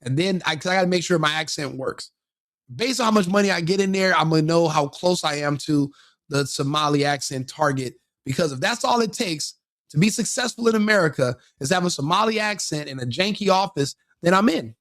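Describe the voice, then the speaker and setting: A man's voice: on the high side, animated, brisk, a bit bright. A man hosting a live stream, commenting on a clip in a joking, mocking way.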